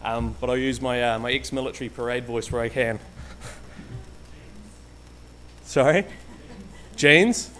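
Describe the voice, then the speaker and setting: A man's voice: mid-range voice, flat delivery, unhurried, pauses often, a little hiss or hum. A man giving an informal, hesitant church talk, full of ums and restarts, sometimes stepping away from the mic. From Canterbury, New Zealand. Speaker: guest lay preacher. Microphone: stage microphone, sometimes walking away from it.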